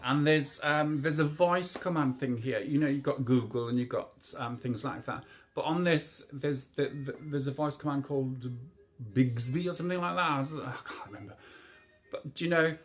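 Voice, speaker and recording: A man's voice: medium pitch, normal speed. A man in his fifties, a vlogger rambling through a casual show-and-tell of a new gadget, hesitant and full of restarts.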